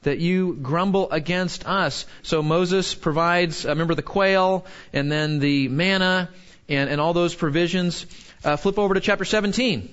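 A male pastor delivering a sermon, animated and full of rhetorical questions. His voice sits high for a man. The recording sounds dull and lo-fi. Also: normal speed.

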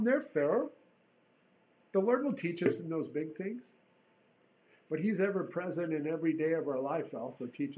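Earnest man preaching in lo-fi sound. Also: fairly high pitch. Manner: earnest, rises to emphatic bursts, then drops to a hush. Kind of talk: sermon.

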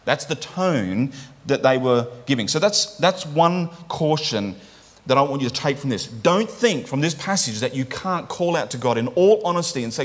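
A man's voice: medium pitch, lively intonation, moderate pace. A man preaching a sermon in a conversational way, often checking in with "right?" and restarting his phrases.

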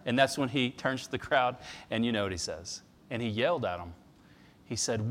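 A man with a medium-pitched voice preaches a sermon at a moderate pace, telling stories conversationally and pressing his points in emphatic passages. The recording carries the long reverb of a large hall.

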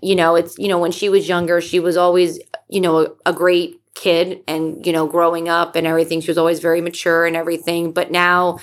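A woman in her thirties hosting a podcast, talking on her own in a chatty, excitable way, full of fillers and casual swearing. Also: fairly low pitch, fairly quick, few pauses. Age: 30s. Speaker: podcast host. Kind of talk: casual solo podcast chat.

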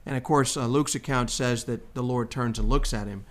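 Man, Bible teacher, conversational, animated voice that jumps up for quotes. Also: normal speed. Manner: animated, acts out quotes with rising pitch. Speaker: Bible study host.

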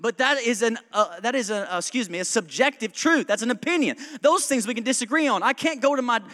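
A man with a high voice preaches in a church sanctuary. His words trail off into a long reverb. He keeps it conversational and jokey, quick with asides and chuckles. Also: animated, sharp tone. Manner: conversational, joking, self-described smart aleck. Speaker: pastor. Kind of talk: sermon.

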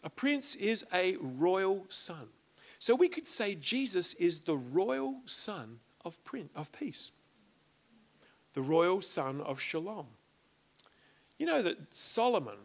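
Male preacher, energetic and rising in pitch. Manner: animated preaching, reading scripture aloud with rising emphasis. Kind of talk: sermon.

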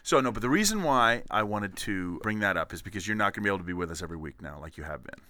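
A man's voice: lowish voice, expressive, very fast, pushed and bright, dry recording. A man hosting a casual comedy podcast, rambling and goofy. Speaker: podcast host.

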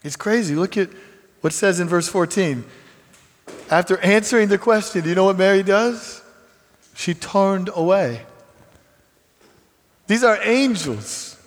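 A man preaching a sermon earnestly, dropping to hushed tones and rising to emphatic passages. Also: sits high, animated, measured pace, long pauses. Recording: long hall reverb.

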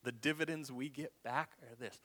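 A man's voice: medium pitch, steady tone, normal speed, pushed and bright. A male pastor preaching a sermon, often repeating words as he searches for them and dropping to a whisper. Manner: stumbling repeats, dramatic drops to a whisper.

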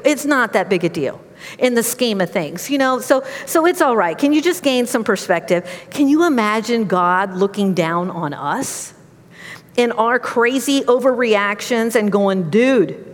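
A middle-aged woman giving a sermon, telling personal stories in a conversational, animated way. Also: fairly high pitch, moderate pace, big-room sound. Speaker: preacher.

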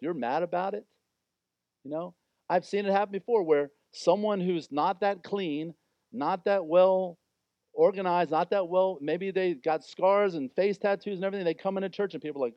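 Male pastor, casual emphatic sermon, fairly high voice, dry lo-fi sound. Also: normal speed, a little mellow, no echo. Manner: informal, conversational and emphatic.

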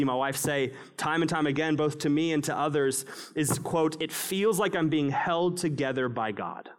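A male pastor preaching a sermon, swinging between raised, emphatic passages and hushed, low ones. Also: clear, resonant tone.

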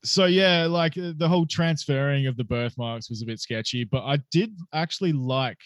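A man's voice: medium pitch, moderate pace, dry recording. A young Australian man hosting a casual podcast chat, talking loosely, swearing and laughing often. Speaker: podcast host.

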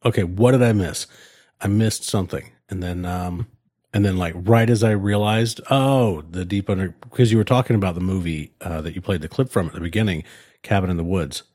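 A man's voice: low-pitched, brisk, darkish tone, no echo, studio quality. A man co-hosting a podcast in casual chat, rambling with lots of fillers and restarts. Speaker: podcast co-host.

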